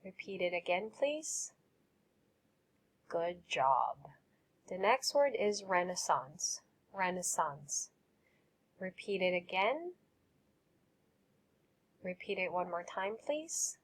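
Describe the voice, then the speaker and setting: A woman teacher giving a vocabulary lesson, enunciating each word carefully and explaining terms simply with gentle praise. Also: lowish voice, lively intonation, breathy edge. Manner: slow, careful enunciation with repeat-after-me drills.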